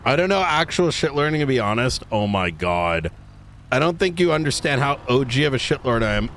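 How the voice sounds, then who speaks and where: A man's voice: mid-range voice, big pitch swings, a little fast, fairly bright tone, a little hiss or hum. A man chatting casually on a live stream, rambling with restarts and the odd swear.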